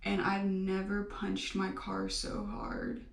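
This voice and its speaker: Slow, gravelly young woman vlogging. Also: mid-range voice, monotone. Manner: halting, full of fillers and restarts. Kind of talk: rambling personal vlog. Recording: echoey room, mic at a distance.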